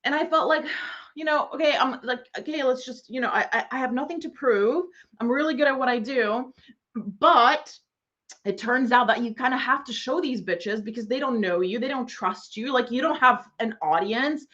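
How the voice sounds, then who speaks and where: A woman's voice: a little high, moderate pace, a bit bright, dull audio. A woman ranting in a monologue as an online business coach, sarcastic, swearing freely and mocking other people in exaggerated voices.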